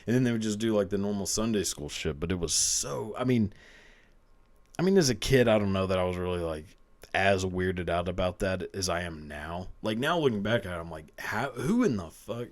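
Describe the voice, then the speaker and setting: A man's voice: low voice, lively intonation, fairly quick. A man in his thirties, a podcast host, telling a profane, rambling comic story and laughing often. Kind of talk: casual comedic storytelling.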